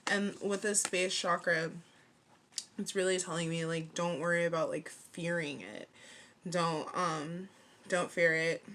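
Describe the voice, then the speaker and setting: Speaking to camera, a thirtysomething tarot reader delivers a relaxed reading in a fairly low, fairly bright voice with mostly even intonation and an unhurried pace. There's slight background noise. Her manner is chatty and playful, full of slang, frequent laughter, and plenty of "like."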